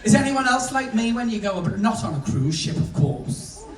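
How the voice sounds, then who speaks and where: A man's voice: sits high, big pitch swings, normal speed. A man doing bawdy stand-up comedy on a cruise ship, chatting to the crowd. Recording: echoey room, distant mic, noisy.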